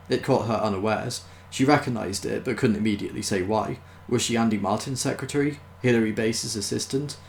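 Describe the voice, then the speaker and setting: A man reading a novel aloud in an unhurried, dry manner, with small self-corrections. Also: lowish voice, gravelly, a little hiss or hum. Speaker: storyteller.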